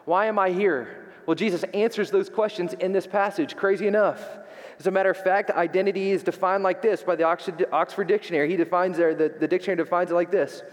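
A man preaching from the pulpit, pressing his listeners with repeated rhetorical questions. His voice sits a little high for a man, and it carries a long reverb from the large sanctuary around him. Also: steady tone, fast talker. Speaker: pastor. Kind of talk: sermon. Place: church sanctuary.

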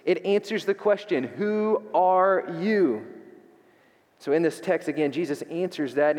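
A man preaching from the pulpit, pressing his listeners with repeated rhetorical questions. His voice sits a little high for a man, and it carries a long reverb from the large sanctuary around him. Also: a little slow, darkish tone. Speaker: pastor. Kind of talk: sermon. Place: church sanctuary.

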